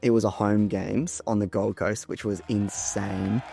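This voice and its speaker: A young Australian man talking as a guest in a casual interview, relaxed, with many ums and easy laughter. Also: lowish voice, measured pace, gravelly, over music. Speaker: Paralympic swimmer, guest.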